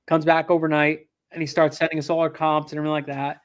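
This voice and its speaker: A man's voice: fairly high pitch, fast. A man in a casual interview, telling a business story with lots of fillers and acted-out quotes. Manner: animated, acts out quotes, frequent fillers and restarts. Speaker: land investor guest.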